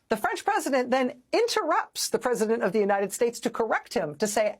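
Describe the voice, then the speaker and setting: A woman's voice: on the high side, very animated, brisk, hardly any pauses. A woman hosting a news show, delivering sarcastic, incredulous political commentary. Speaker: host.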